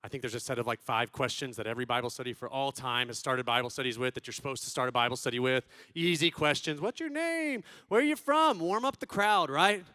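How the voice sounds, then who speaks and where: A man in his thirties telling funny stories to a conference crowd, acting out quotes and swinging from loud bursts to hushed tones. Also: mid-range voice, quick pace, few pauses, no room sound. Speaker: conference speaker. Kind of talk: comedic storytelling talk.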